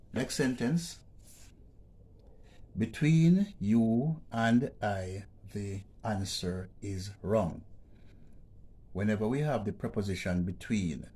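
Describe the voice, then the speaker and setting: A man's voice: low voice, dark tone, breathy edge. A man teaching a grammar lesson, explaining patiently and checking in with "okay?" as he repeats each point. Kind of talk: educational vlog lesson.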